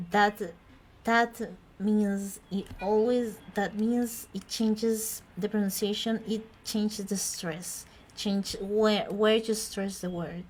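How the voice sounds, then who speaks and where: Slow-speaking woman teacher. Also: medium pitch, steady tone, darkish tone. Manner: chatty, self-correcting, laughs between points. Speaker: Spanish teacher. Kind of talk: informal language lesson.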